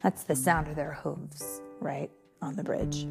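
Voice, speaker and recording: A woman's voice: sits low, steady tone, unhurried, vocal fry, a little mellow, faint music behind. A woman reading a fairy tale aloud to a child with playful, chatty asides to the listener. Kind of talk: playful read-aloud storytelling.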